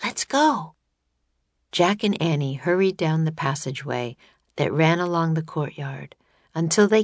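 A woman narrating a children's audiobook in a steady, measured reading voice. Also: sits low, no echo.

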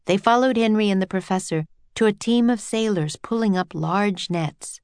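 A woman narrating a children's adventure audiobook in a clear storytelling voice. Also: medium pitch, moderate pace, darkish tone, no room sound.

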